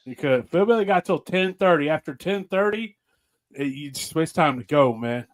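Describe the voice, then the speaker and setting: A man's voice: on the high side, lively intonation, moderate pace. Laid-back man telling stories. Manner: laughing, loose storytelling with mocking quoted voices. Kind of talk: casual chat.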